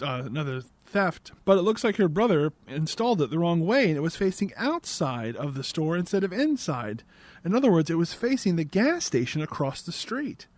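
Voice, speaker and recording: A man hosts a podcast and recaps a film in a sarcastic, exasperated way. His voice sits a little high, and the recording is dry and close with no room sound. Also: a little mellow, no room sound. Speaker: podcast host. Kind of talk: casual movie recap.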